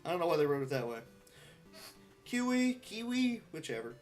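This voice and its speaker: A man's voice: a little high, sing-song, moderate pace, soft background music. A man speedrunning a game live, giving muttered, wry running commentary to himself.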